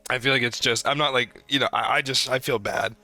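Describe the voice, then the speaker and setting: Young male podcast co-host, bright and tense voice, rambling, animated delivery, faint music behind. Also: mid-range voice, fairly quick, dry recording. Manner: rambling, animated storytelling with profanity. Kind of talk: casual chat.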